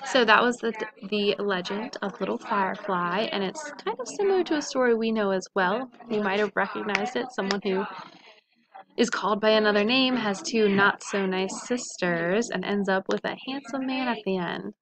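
A woman teacher reading a children's picture book aloud in a clear, gentle storytelling voice. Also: medium pitch, normal speed, crowd noise, rough recording.

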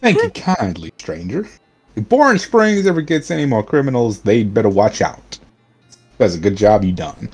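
A man's voice: fairly low pitch, big pitch swings, moderate pace, slightly rough, soft background music, heavily acted. A man voicing a folksy grateful cowboy. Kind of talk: fan voice-over of a game.

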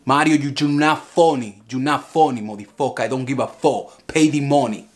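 An actor playing an angry, boastful heckler who speaks broken English and rambles, bursting into shouts. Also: male voice, medium pitch, moderate pace, natural voice. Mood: indignant. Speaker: heckler filing a lawsuit.

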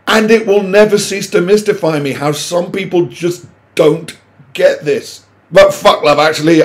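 A middle-aged man delivers an exasperated, sweary monologue to camera. His voice sits a little high, and it jumps into sudden loud bursts of indignation. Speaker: vlogger.

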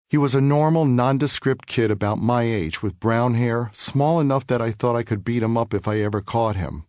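Man narrating his own memoir in a studio, measured and earnest, mid-pitched, with a dry close sound. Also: a little mellow, no room sound. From New York City. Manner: measured, earnest, reflective reading. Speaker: author reading his memoir.

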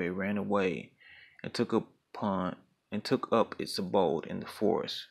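A man reading a folktale aloud as a storyteller, in a measured, steady narration. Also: fairly low pitch, gravelly.

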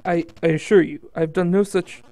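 A man's voice: high voice, steady tone, moderate pace, mellow, no room sound. A man voicing an earnest, polite male knight hero who speaks formally.

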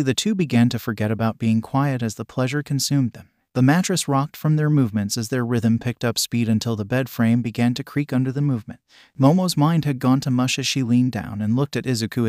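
A man reading a story as its narrator in a steady, even manner. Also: mid-range voice, no echo, studio quality. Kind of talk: storybook reading of fan fiction.

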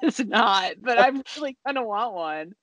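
A woman's voice: a little high, expressive, moderate pace, fairly bright tone, dry recording. A woman co-hosting a craft podcast, chatting casually with lots of laughs and fillers. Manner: giggly, rambling with many fillers. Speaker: podcast co-host. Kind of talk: casual chat.

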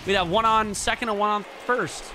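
A man hosting a gameplay commentary, excitable and profane, talking to his chat. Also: sits high, brisk, music in the background. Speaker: let's play host.

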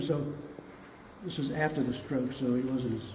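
A man giving a museum tour, telling relaxed, rambling stories about his father. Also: mid-range voice, moderate pace, background noise. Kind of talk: casual storytelling on a tour. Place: large museum gallery indoors. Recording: echoey gallery with long reverb.

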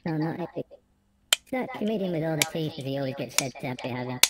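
A woman co-hosting a live stream, relaxed and reminiscing as she relays the chat. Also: sits low, fast. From United Kingdom. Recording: noisy line.

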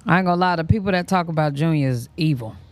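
A woman's voice: deep voice, fast. A woman hosting a reaction stream, giving candid, slangy, outspoken commentary in a casual way. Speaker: reaction channel host.

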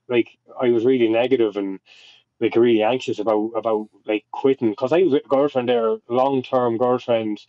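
A man's voice: medium pitch, fairly even intonation, moderate pace, no echo, muffled recording. A young Irish man telling a long personal story in a casual, rambling way, with lots of swearing and restarts. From Ireland. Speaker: podcast guest.

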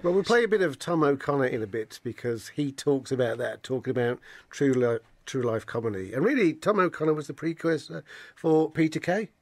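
A man's voice: medium pitch, lively intonation, fairly quick, no echo. A man hosting a radio chat show, asking short questions and reminiscing about the comedy club scene. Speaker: radio host.

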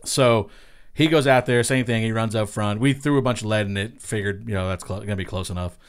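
With a clear, resonant voice on the low side, this middle-aged Long Island, New York racing spotter talks fairly quickly. He spins casual, profane stories and animatedly acts out people's quotes.

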